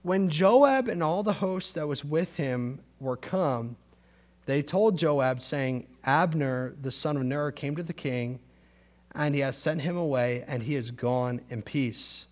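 High-voiced man preaching with surges of emphasis. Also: takes it slowly. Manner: conversational paraphrase of scripture with fillers; swings between loud emphatic peaks and quiet low passages. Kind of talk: sermon, reading scripture and retelling it.

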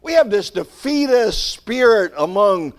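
Male pastor, sermon delivery, slightly higher-pitched voice, builds to emphatic exhortation between chatty stories. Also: lively intonation, a little slow. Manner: preaching with rising emphasis, conversational asides.

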